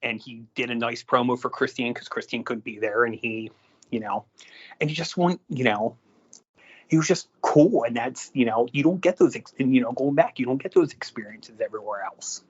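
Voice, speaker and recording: A man's voice: medium pitch, moderate pace, breathy edge. A man co-hosting a podcast, telling casual anecdotes and acting out what people said. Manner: animated anecdotes, acts out quotes. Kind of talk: casual storytelling. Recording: dull lo-fi audio.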